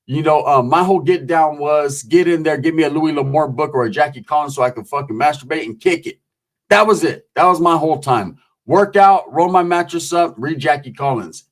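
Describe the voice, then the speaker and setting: A man's voice: a little high, a little fast. A man hosting a show, telling prison stories casually, profane and streetwise. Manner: profane, streetwise, acts out voices in quotes. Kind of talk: casual storytelling.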